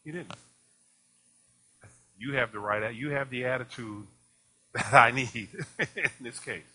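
A man's voice: mid-range voice, takes it slowly, slightly rough. A man preaching a sermon, asking the congregation questions and acting out conversations with laughter. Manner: animated preaching, rhetorical questions, acts out dialogue with laughs. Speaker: pastor.

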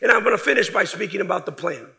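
A man preaching a sermon, emphatic, with loud stressed words that drop to quiet trailing phrases. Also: high voice, lively intonation, rapid-fire, creaky.

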